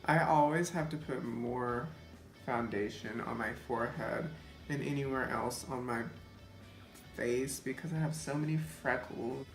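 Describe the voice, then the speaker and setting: A man's voice: mid-range voice, measured pace, gravelly. A young man talking casually to the camera while doing his makeup, rambling and chatty, with lots of "like" fillers. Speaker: beauty vlogger. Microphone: camera mic, seated in front of the camera. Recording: echoey room with faint music.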